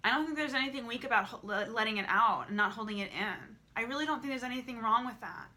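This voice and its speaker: A woman's voice: a little high, quick pace, pushed and bright. A young woman talking candidly to camera in a vlog, emotional and repetitive, swearing freely. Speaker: vlogger.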